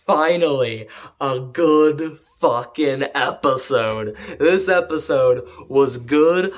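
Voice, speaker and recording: A man giving a casual, rambling spoken anime review, blunt and profane. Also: mid-range voice.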